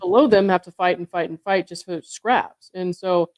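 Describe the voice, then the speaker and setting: A woman's voice: fairly low pitch, fairly even intonation, moderate pace, a little mellow, no room sound. A woman hosting, talking in a chatty, rambling way and laughing often during a casual chat. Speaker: host.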